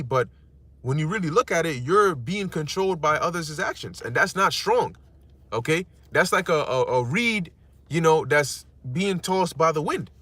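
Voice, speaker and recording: A man's voice: sits high, bright, forceful tone, a little hiss or hum. A man teaching scripture in a casual, slangy and blunt way, often checking in with his listeners. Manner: slangy, streetwise, blunt with occasional cursing. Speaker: preacher.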